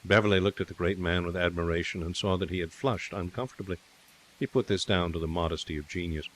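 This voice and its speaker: Deep-voiced male storyteller. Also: fast talker, fairly bright tone, a little hiss or hum. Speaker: narrator. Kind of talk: audiobook narration of a classic short story.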